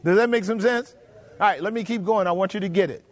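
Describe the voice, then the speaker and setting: A man with a high-pitched voice preaches a sermon, emphatic and full of rhetorical questions for his congregation, slowly drawing out key phrases. The recording carries a long hall reverb.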